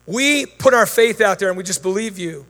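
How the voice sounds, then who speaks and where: A man's voice: high-pitched, lively intonation, moderate pace, pushed and bright. A man preaching and praying over a congregation, fervent and commanding in prayer, chatty in his asides. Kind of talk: sermon with prayer and Q&A. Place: church hall before a congregation. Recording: long reverb of a large hall.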